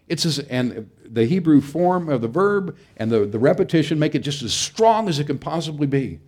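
A man's voice: medium pitch, animated, moderate pace, darkish tone. A middle-aged man preaching a sermon in an earnest, emphatic way, sometimes restarting his phrases. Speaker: pastor.

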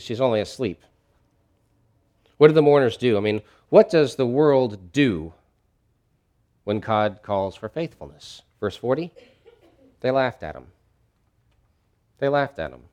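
A middle-aged pastor preaching in a casual, conversational way. His voice sits in an ordinary male range but swings widely, rising loud and emphatic on key lines and dropping to near-quiet asides. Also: mid-range voice. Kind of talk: sermon.

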